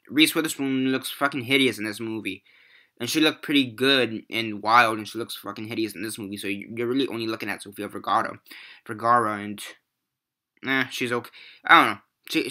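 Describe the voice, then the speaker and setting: A man's voice: mid-range voice, pushed and bright. Profane young man ranting about movies. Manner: profane, rambling, exasperated. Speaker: movie reviewer. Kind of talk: casual ranting review.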